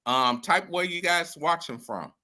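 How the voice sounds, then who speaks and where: Bright-voiced man hosting a live show. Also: a little high, measured pace. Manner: emphatic and profane, addresses viewers directly.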